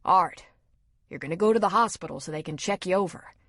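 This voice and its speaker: Woman voicing an older man, retired general, brisk, in charge, dry. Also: on the low side, fairly bright tone, no room sound. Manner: brisk, directive.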